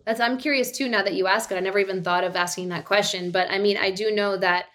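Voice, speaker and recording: A woman's voice: mid-range voice, fairly even intonation, quick pace, a bit bright. Chatty woman telling a personal story. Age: adult mother of two. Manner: chatty, frequent "like" and "you know". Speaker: podcast guest. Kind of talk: casual birth-story telling.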